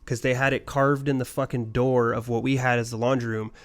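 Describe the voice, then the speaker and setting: A man's voice: mid-range voice, flat delivery, a little fast. A man co-hosting a casual podcast, telling a rambling ghost story full of swearing. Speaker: podcast co-host.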